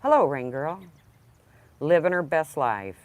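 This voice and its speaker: A woman's voice: sits low, sing-song, unhurried, dry recording. A woman chatting casually on a livestream, rambling and talking to her dog. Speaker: livestream host.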